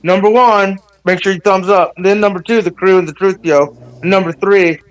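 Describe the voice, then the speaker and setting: A man rambling excitedly on a livestream panel, with lots of stammered restarts. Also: high-pitched, a little fast, no room sound, rough recording. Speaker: panel guest.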